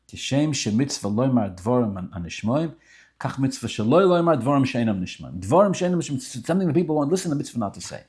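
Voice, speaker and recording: A man telling a story in an animated, informal way, sprinkling in Yiddish and Hebrew terms. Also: lowish voice.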